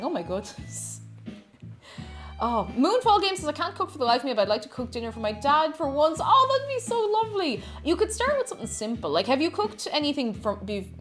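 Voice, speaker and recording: A woman's voice: on the high side, big pitch swings, a little fast. A woman streaming herself cooking, chatting casually, reading viewer messages aloud and reacting, often stammering and restarting. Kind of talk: casual chat while cooking live. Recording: music playing in the background.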